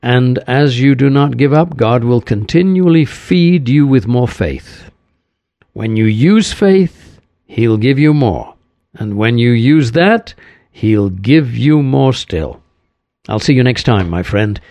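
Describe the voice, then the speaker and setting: Slow, earnest male preacher, dry sound. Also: lively intonation, no echo. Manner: earnest, addresses listener as "my friend"; slow, drops low and soft at phrase ends. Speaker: regular host of a recorded devotional. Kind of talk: sermon.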